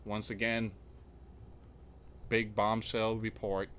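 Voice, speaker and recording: A man with a fairly low voice hosts his own news commentary channel. He talks casually and loosely, circling back with repeated asides to his viewers. He reads items out, then reacts to them with pointed questions. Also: level tone, takes it slowly, a bit bright, a little hiss or hum. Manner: rambling, repetitive, often restarting with "again" and "guys".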